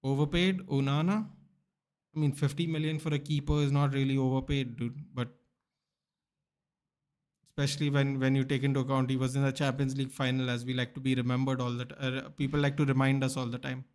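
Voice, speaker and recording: A man's voice: mid-range voice, level tone, brisk, a little mellow. A young man chatting casually on a live football watchalong, bantering and answering viewers by name. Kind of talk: casual live-stream chat reading viewer comments.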